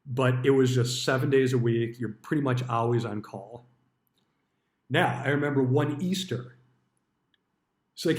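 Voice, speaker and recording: A man tells stories from his years as a stockbroker in a blunt, offhand way, and swear words come easily. His pitch sits in the middle. The recording has a roomy echo. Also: measured pace, long pauses. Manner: blunt, swears freely, acts out quoted dialogue. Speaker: retired stockbroker telling stories. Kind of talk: casual storytelling monologue.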